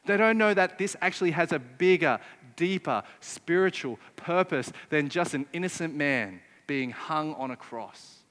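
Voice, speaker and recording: A man's voice: fairly high pitch, lively intonation, measured pace, fairly bright tone, in a large hall. A man preaching a sermon, emphatic and often putting rhetorical questions to his listeners. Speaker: pastor.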